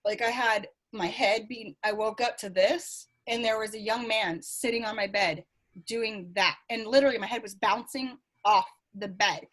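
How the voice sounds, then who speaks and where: A woman's voice: on the high side, normal speed. Chatty middle-aged woman telling stories. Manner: chatty, animated storytelling with laughs. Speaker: psychic medium guest. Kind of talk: casual interview chat.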